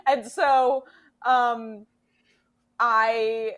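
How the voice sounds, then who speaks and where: A woman takes her turn in a casual tabletop role-play at an unhurried pace, her voice a bit high. She sounds playful and giggly as she plays. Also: fairly even intonation, fairly bright tone. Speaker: player.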